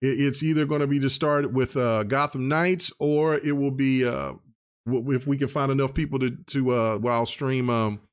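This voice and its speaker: A man's voice: mid-range voice, steady tone, normal speed, smooth. A man hosting a gaming podcast in loose, rambling casual chat, full of filler phrases. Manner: loose and rambling, full of "you know what I'm saying". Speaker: podcast host.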